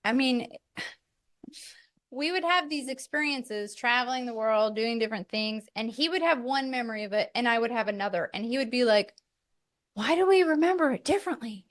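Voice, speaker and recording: A woman co-hosting a family podcast in casual chat, talking in a lively way and laughing easily. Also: a little high, normal speed. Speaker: podcast co-host.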